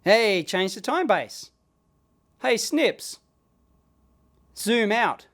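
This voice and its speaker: An Australian man hosting an electronics video, chatting casually and getting excited while he demos a gadget at his bench. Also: high-pitched, very slow. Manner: excitable, chatty, blokey slang.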